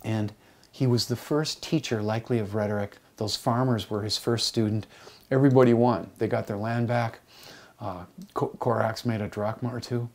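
A middle-aged man, a college teacher, telling stories in a lively, joking lecture, with hammy voiced asides. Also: lowish voice, normal speed. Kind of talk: storytelling lecture.

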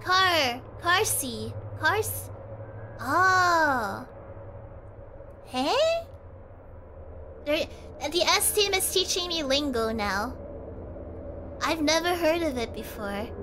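A woman's voice: high voice, animated, very slow, long pauses, background noise. A young woman streaming, chatting casually and rambling, giggling often and talking to her chat.

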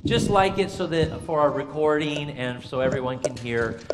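A man's voice: on the high side, lively intonation, normal speed, heavy background noise. A man preaching as pastor, running an interactive Bible trivia quiz with his congregation, chatty and full of fillers. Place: church sanctuary. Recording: long church reverb.

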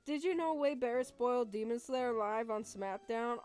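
Brief: giggly young woman gamer, high and lively, unhurried, faint music behind. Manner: giggly, excitable, chatty with viewers. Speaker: streamer. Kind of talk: casual gaming stream chat.

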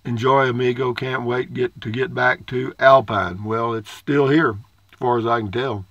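An older man reads viewer comments in a casual, rambling way, dropping dry jokes. His voice is bright and forceful. The recording sounds dry and a little dull. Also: mid-range voice, fairly even intonation, normal speed, no room sound. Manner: folksy, rambling, dry humor. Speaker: vlogger reading viewer comments. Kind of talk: casual comment-reading chat.

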